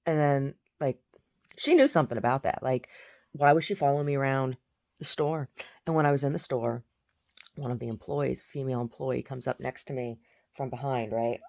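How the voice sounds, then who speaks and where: A woman's voice: extremely low pitch, fairly even intonation, brisk, vocal fry, mellow. A woman vlogging in a blunt, profane, agitated rant to the camera. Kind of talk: casual vlog rant.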